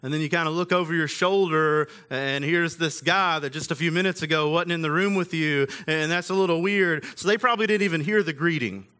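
A man's voice: on the high side, fairly quick, few pauses, pushed and bright, smooth. A man preaching a sermon in a casual, conversational way, with everyday slang. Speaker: pastor.

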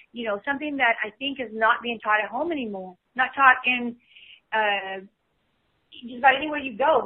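A woman's voice: fairly high pitch, husky. A woman in her fifties, a podcast guest speaking in casual chat, full of "you know" fillers. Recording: tinny phone line.

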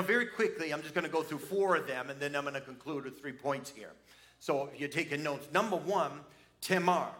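A man preaching a sermon, animated and lively, dropping to quiet asides to his congregation. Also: a little high. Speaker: pastor.

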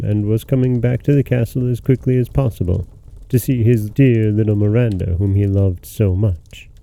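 A man narrating a fairy tale as a podcast host, in a measured, expressive way. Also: medium pitch, creaky, dry recording. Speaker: storyteller host.

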